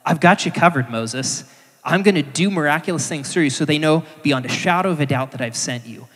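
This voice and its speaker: A man's voice: on the high side, a little fast, a bit bright, husky. A man voicing God as a patient, commanding presence, speaking plainly and reassuringly in an echoey hall.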